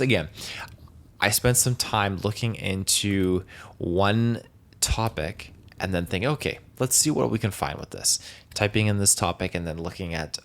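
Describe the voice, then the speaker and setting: On his solo podcast, a man with a low, fairly bright voice talks casually and rambles. He keeps restarting his sentences and leaning on hedging words.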